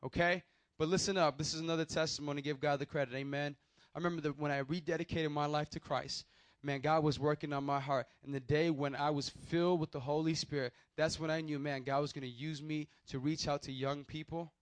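A man who is a pastor, telling a personal testimony as a sermon in an animated storytelling way and calling out to his listeners. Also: fairly high pitch, brisk, no echo. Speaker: youth pastor.

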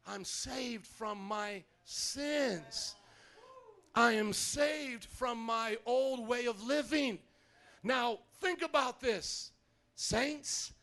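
A man preaching a sermon as pastor in a church, animated and calling out to the congregation for responses. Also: extremely high pitch.

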